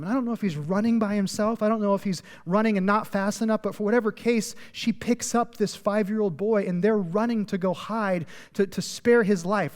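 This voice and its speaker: A man's voice: sits high, darkish tone, long reverb tail. A man preaching a sermon as a pastor, casual and emphatic, leading the audience to answer back. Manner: conversational, emphatic, frequent "like"; leads the audience in call-and-response. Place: church sanctuary.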